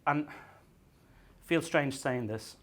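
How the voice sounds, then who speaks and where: An Irish man doing a stand-up comedy set, telling self-mocking stories in a halting way and often repeating his words as he restarts. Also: mid-range voice, a bit bright. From Ireland. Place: comedy venue stage.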